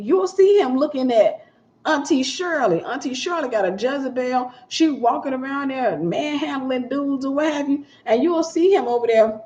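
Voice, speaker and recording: A woman's voice: sits high, expressive, normal speed, a little mellow. A woman minister teaching a sermon in a conversational way, repeating her key points and acting out little scenes. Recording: dull lo-fi sound.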